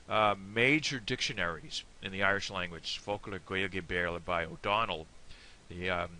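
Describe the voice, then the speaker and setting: Chatty American man with a bright voice. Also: on the low side. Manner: chatty, digressive. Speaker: Irish language teacher. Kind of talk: informal video lesson.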